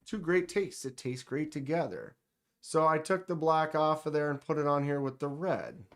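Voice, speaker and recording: A man hosting a casual live stream, joking around and talking straight to his chat with quick exclamations. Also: on the high side. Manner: playful, joking, talks to chat directly; exclaims short interjections. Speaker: livestream host.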